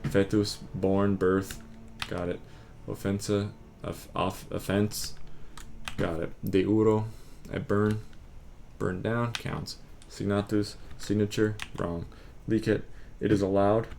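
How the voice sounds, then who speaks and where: A man quizzing himself on word cards, muttering terse answers and quick verdicts of right or wrong. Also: on the low side, little pitch movement, creaky, a little mellow, slight background noise. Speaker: vlogger drilling vocabulary.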